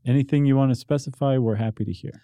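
Wry podcast co-host, mellow voice. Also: male voice, medium pitch, fast talker, no room sound. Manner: wry, joking. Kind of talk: casual chat.

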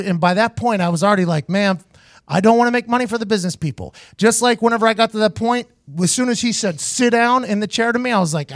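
Loud, profane male podcast host. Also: high voice, dry recording, studio quality. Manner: animated, profane, laughs through his stories. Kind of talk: casual storytelling.

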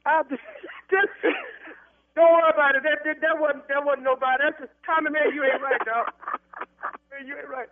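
A man's voice: extremely high pitch, fairly even intonation, a little fast. A man who owns a business, arguing indignantly on a phone call, heard over a tinny phone line. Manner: indignant, protective. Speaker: prank call target, business owner. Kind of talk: heated phone argument.

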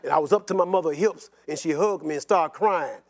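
An older man telling stories about his life in an interview, animated and rambling, repeating words and often laughing. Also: a little high, brisk. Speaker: interview guest. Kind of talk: personal storytelling in an interview.

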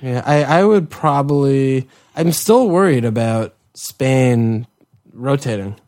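A man's voice: mid-range voice, expressive, slow pace, a little mellow. A man co-hosting a casual sports chat, laid-back and teasing, with blunt remarks. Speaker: podcast co-host. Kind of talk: casual fantasy football chat.

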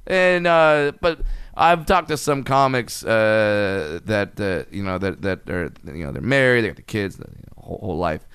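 Smooth-voiced man in his thirties, chatty. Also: fairly low pitch, moderate pace, dry recording, studio quality. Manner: rambling, chuckly, animated storytelling. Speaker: podcast host, comedian. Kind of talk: casual chat.

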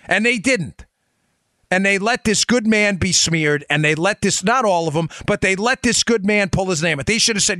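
A man's voice: sits high, expressive, moderate pace, sharp tone, no room sound. A middle-aged man hosting a podcast, delivering heated political commentary in a combative, ranting way full of punchy rhetorical questions. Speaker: podcast host.

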